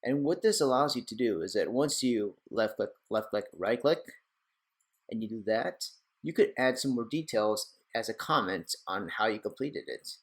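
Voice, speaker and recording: A young man hosting a casual screen-recorded software tutorial, chatty and rambling with self-deprecating asides. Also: lowish voice, expressive, moderate pace, slightly rough. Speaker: tech tutorial host.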